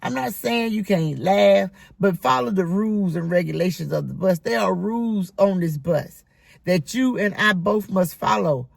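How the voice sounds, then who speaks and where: Middle-aged speaker, bus driver, emphatic scolding rant, dry close sound, mid pitch. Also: normal speed, creaky, no echo. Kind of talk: casual monologue vlog.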